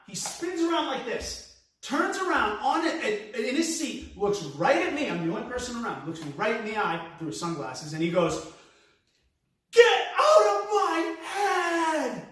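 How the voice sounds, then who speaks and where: New york guy doing stand-up, high voice jumping all over, sounds far from the mic in a big echoey room. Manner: animated, acts out quotes with big pitch swings. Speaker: comedian. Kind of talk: stand-up storytelling. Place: live stand-up venue.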